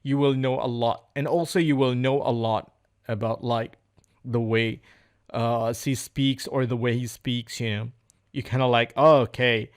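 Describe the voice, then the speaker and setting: A man's voice: mid-range voice, fairly even intonation, a little slow, clean tone. A man speaking in an unscripted practice monologue, hesitant and searching for words, often repeating phrases as he goes. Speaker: English learner recording speaking practice.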